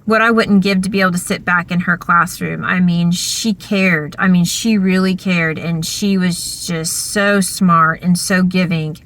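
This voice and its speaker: Slow-talking bright-voiced woman telling a story. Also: on the low side. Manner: animated, chatty, uses lots of fillers. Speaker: vlogger. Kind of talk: casual storytelling.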